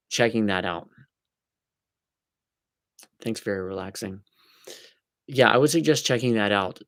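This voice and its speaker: A man's voice: on the low side, dry recording, studio quality. A man hosting a casual live stream, chatty and joking as he answers viewers by name.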